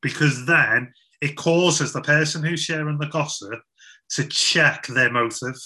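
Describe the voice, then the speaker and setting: A man's voice: fairly high pitch, measured pace, bright, forceful tone. A young man giving a casual, chatty Christian talk to young people, with frequent restarts and fillers. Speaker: youth speaker.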